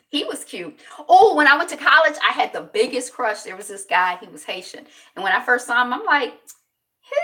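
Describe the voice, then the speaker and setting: A woman's voice: mid-range voice, sharp tone, distant mic. A woman vlogger chatting casually through news items, rambling and thinking aloud.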